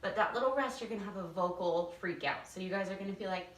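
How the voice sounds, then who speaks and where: Talking fast at a medium pitch, a woman theater teacher laughs a lot as she hands out casual, enthusiastic stage directions. She sits far from the mic in a room with a noticeable echo.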